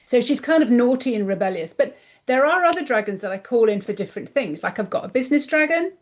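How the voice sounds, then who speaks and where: A woman guest on a podcast, chatting casually about her coaching work, animated and acting out the voices she quotes, her voice getting a little tired. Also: on the high side, fast. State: voice tiring, clears throat. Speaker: guest, intuitive coach and author.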